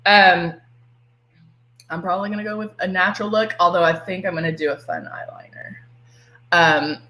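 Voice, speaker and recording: A woman's voice: on the low side, pushed and bright. Chatty woman in an echoey room. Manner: chatty, giggly, talks to viewers by name. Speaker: livestream makeup presenter. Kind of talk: casual live demo chat. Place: home room.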